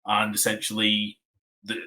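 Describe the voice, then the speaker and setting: A man's voice: fairly low pitch, monotone, measured pace, sharp tone, slight background noise, low-quality recording. Hesitant Scottish man hosting a podcast. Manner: hesitant, many filler ums and uhs. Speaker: podcast host. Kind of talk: casual chat.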